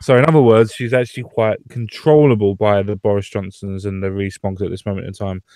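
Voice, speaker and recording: A man's voice: on the low side, steady tone, fairly quick, warm tone, no echo. A man from Britain hosting a casual political chat online, swearing freely and laughing often. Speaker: podcast host.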